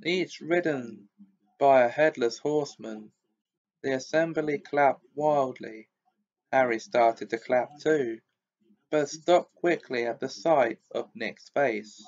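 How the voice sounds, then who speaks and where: A man reading a children's storybook aloud in a slow, measured narration, on a dull lo-fi recording. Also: medium pitch, darkish tone. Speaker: audiobook reader.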